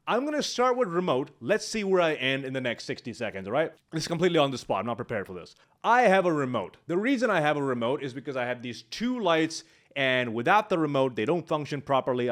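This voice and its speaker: Animated male speaking coach. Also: medium pitch. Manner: animated, walks through examples on the spot. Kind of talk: instructional YouTube talk. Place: home video setup with studio lights. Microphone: large studio microphone.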